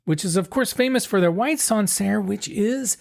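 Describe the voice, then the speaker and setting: A man's voice: high voice, moderate pace, creaky. A man co-hosting a podcast in casual chat, explaining things in a laid-back, detailed way. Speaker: podcast co-host.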